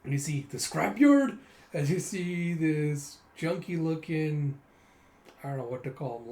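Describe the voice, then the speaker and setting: A man casually retelling a comic book story, acting out the characters' lines in bursts of louder, higher voices. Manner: animated, jumps into loud high voices for characters. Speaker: manga reader and commentator. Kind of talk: casual comic read-through with acted-out dialogue.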